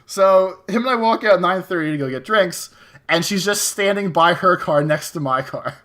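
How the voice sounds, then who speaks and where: A man on a podcast telling a story in a casual, profane, animated way. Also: high-pitched, normal speed. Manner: profane, animated retelling with acted-out quotes. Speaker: podcast co-host.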